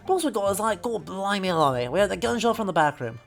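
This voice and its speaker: A woman's voice: mid-range voice, sing-song, fast, vocal fry, faint music behind. A woman voicing a petty male Victorian thief with a put-on Cockney accent, protesting his innocence in street slang.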